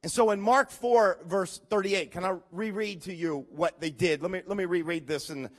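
A man preaching a sermon to his congregation, swinging from quiet, earnest passages to loud, dramatic storytelling and direct appeals. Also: sits high, moderate pace. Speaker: pastor.

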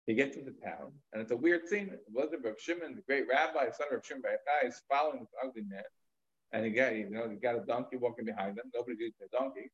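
In a muffled recording, a rabbi with a medium-pitched voice talks quickly while teaching a Talmud lecture. He retells a story conversationally, dropping in casual fillers and asides.

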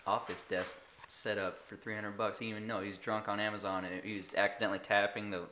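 Low monotone guy, drops dry comments in a chat. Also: quick pace, a little hiss or hum. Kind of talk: casual chat.

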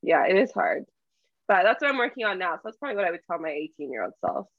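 A woman's voice: fairly low pitch, very animated, fast, dry recording, phone-quality sound. A young adult woman guest in casual chat, frank and laughing often, with some swearing, heard through an earbud mic. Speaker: podcast guest.

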